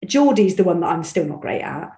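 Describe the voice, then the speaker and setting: A woman from Bristol with a Bristol accent, an audiobook narrator chatting animatedly in an interview, telling stories with quick restarts. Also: fairly low pitch, sing-song, warm tone, roomy sound. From England. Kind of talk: conversational interview.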